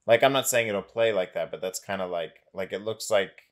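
Deep-voiced, laid-back man. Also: brisk. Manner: laid-back, short agreeing replies. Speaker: podcast co-host. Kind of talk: casual chat.

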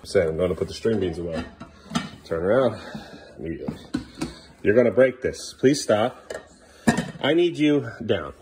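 Man, father, family vlog, home kitchen, very lively pitch, coaxing then firm with kids, chatty asides. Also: moderate pace, long pauses, background noise. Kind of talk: family vlog narration while caring for kids.

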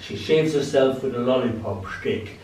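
A man's voice: mid-range voice, normal speed, gravelly, a little mellow. A middle-aged man giving a live poetry reading at a showcase, wry and given to chuckling asides. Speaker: poet. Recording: roomy hall, distant mic, faint room noise.

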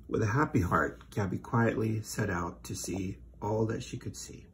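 A man's voice: on the low side, moderate pace, hardly any pauses, a little hiss or hum. A man hosting a comedy show, reading a children's book aloud with dry, sardonic asides.

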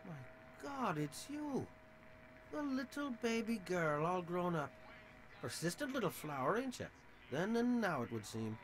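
An actor with an Irish accent playing a sly, theatrical middle-aged saloon owner in a video game. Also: male voice, high voice, sing-song, a little slow, a little hiss or hum. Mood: smug. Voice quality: theatrical, smug and oily.

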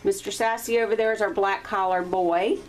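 A woman breeder talking casually while filming her puppies one-handed indoors, now and then cooing at them in a high baby-talk voice. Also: fairly even intonation, a little fast, faint music behind, poor audio. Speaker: dog breeder. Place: indoors at a puppy litter area. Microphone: handheld camera, filming one-handed.

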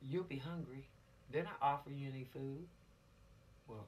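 A woman's voice: rumbling low, normal speed, pauses often, a little mellow, slight background noise. A woman police officer giving a law lesson to teenagers, telling it dramatically with rhetorical questions and acted-out scenes. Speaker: police officer teaching teens. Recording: voice from a distance.

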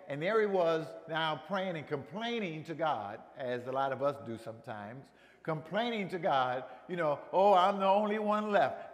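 A man pastor preaching a sermon, animated, often restarting phrases and acting out quotes. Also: on the high side, in a large hall. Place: church sanctuary.

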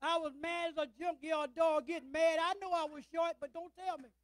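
Older man preaching, high and dry, rhetorical call-outs, loud then hushed. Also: steady tone, a little fast, no echo, poor audio. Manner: swings between loud declarations and low, quiet asides. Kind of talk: sermon.

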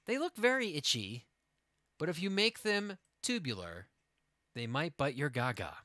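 Animated, bright-voiced man streaming. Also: a little high, a little slow, dry recording, clean studio sound. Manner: goofy, rambling storyteller with laughs. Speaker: livestream host. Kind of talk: casual gaming stream chat.

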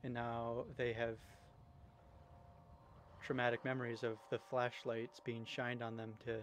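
A man's voice: mid-range voice, monotone, unhurried, a little hiss or hum. A man giving let's play commentary, jumpy and swearing when startled, slipping into accents when scared. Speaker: gaming video creator.

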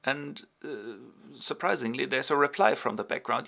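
A man's voice: mid-range voice, unhurried, creaky, few pauses. A man, hosting a playful comic retelling of a play with toy figures. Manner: playful, animated. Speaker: host.

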